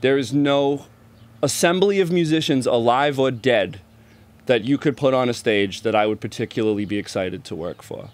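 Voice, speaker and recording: A man's voice: mid-range voice, normal speed. A man in his thirties, a touring roadie and musician, chatting as a podcast guest in a laid-back, profane and self-deprecating way. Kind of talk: casual interview chat.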